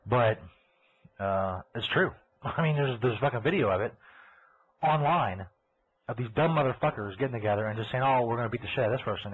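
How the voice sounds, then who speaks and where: A man's voice: on the low side, slight background noise. A man hosting a live podcast, ranting crudely and sarcastically. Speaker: podcast host. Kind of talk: profane live podcast rant. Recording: tinny phone-like audio.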